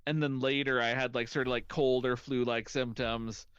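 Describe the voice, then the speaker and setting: A man's voice: mid-range voice, level tone, normal speed, fairly bright tone, smooth, no echo. Hesitant man on a dull, dry mic. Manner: hesitant, heavy use of "like". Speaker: podcast guest. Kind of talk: casual chat.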